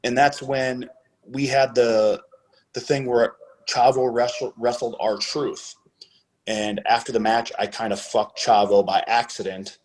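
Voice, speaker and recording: A man's voice: mid-range voice, level tone, a little slow, a little mellow, slight background noise. A man guest on a podcast interview, retelling past events in a casual, profane way and acting out the dialogue as he goes. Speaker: podcast guest, former wrestler.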